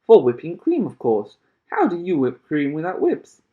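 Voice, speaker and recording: A man voicing an eccentric, excitable male chocolate maker who exclaims and brushes off questions. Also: on the high side, moderate pace. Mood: manic. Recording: tinny phone-like sound.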